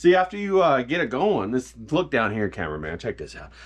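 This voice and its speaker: A man's voice: mid-range voice, huge pitch swings, fairly quick. A man hosting a jokey cooking video in his home kitchen, boasting and hyping up his viewers. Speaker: home cook, vlog host. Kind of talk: comedic cooking vlog.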